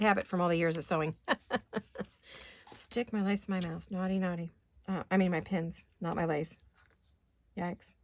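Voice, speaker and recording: Gravelly-voiced woman chatting while crafting. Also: lowish voice. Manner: chatty, talks to herself while working. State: raspy from allergies. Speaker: paper craft vlogger. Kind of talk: casual crafting chat. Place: home craft studio.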